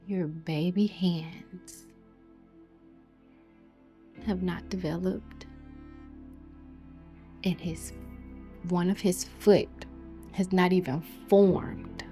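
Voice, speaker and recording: A young woman telling her own story of a hard pregnancy, emotional and dropping to near whispers at the hardest parts. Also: lowish voice. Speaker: testimony speaker. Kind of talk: personal testimony storytelling. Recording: soft music behind.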